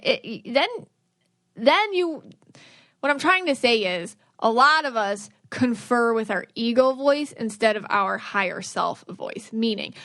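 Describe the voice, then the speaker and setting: A woman's voice: fairly high pitch, fairly bright tone, no echo, clean studio sound. A woman hosting a spiritual advice podcast, talking earnestly and conversationally, acting out inner voices. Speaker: podcast host.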